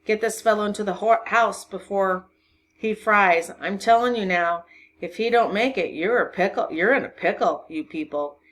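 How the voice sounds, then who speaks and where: A bossy, blustering country constable , as a woman reads him aloud. He talks loud and pitched up, barking orders in folksy backwoods grammar. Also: normal speed, close to an everyday voice. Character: gruff rural male constable, blustering and bossy.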